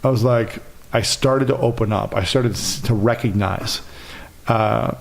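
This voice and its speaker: Man in his thirties, podcast guest; low, gravelly voice, earnest and animated. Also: measured pace. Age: 30s. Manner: earnest, animated storytelling with acted quotes. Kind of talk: casual interview conversation.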